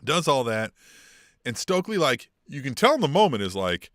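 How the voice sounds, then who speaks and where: A man co-hosting a wrestling podcast in loose, profane chat, his voice bright and forceful. He swings his pitch widely as he mimics wrestlers. The sound is dry and close, with no room around it. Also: sing-song, moderate pace, dry recording. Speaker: podcast co-host.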